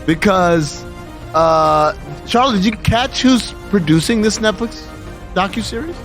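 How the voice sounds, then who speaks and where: A man co-hosting a casual sports chat, animated and sarcastic, ranting as he goes. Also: high voice, measured pace, faint music behind. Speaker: co-host.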